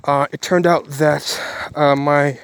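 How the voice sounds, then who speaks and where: Man, casual daily vlogger, earnest and rambling, voice a bit high. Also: little pitch movement, takes it slowly, no echo. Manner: rambling, self-correcting, earnest. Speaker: Christian vlogger.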